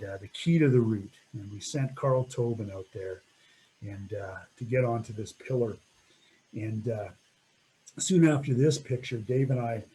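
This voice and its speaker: A middle-aged man telling an animated story about a mountain climb, laughing often and acting out what people said. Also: medium pitch, slightly rough, low-quality recording. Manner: animated, laughs often, acts out quoted voices. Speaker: mountaineer recounting a first ascent. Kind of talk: storytelling talk.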